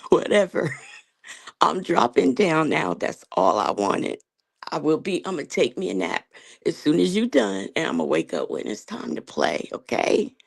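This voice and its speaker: Woman guest on a call, trash-talks playfully, gravelly voice with lots of pitch movement. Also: sing-song, a little slow. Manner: teasing, trash-talking. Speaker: panel guest. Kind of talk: casual livestream banter.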